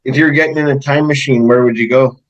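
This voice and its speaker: A Canadian man hosting an interview, asking easygoing questions with halting restarts. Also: mid-range voice, steady tone, lo-fi sound. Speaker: podcast host.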